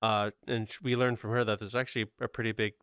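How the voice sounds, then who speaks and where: A man's voice: on the low side, little pitch movement, fast talker, fairly bright tone, smooth, no echo, studio quality. A man hosting a podcast, chatting casually and reassuring his guest. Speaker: podcast host. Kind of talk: casual chat.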